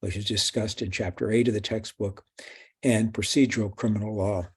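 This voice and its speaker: A man giving a recorded law lecture, halting often with fillers and restarts. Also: fairly low pitch, fairly even intonation, husky.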